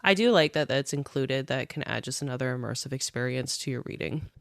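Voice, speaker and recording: A woman's voice: rumbling low, a little fast, gravelly, no room sound, clean studio sound. A woman co-hosting a book club podcast, speaking thoughtfully and agreeably with small restarts. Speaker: podcast co-host. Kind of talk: casual book club chat.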